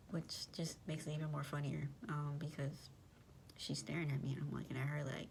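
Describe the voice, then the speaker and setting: A woman's voice: low voice, steady tone, moderate pace, gravelly, slight background noise. A young woman, animatedly telling a personal story in slangy casual speech and addressing her listeners directly.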